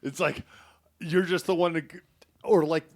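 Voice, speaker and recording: A man co-hosting a casual podcast chat, joking in quick banter and laughing often. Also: on the high side, steady tone. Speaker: podcast co-host.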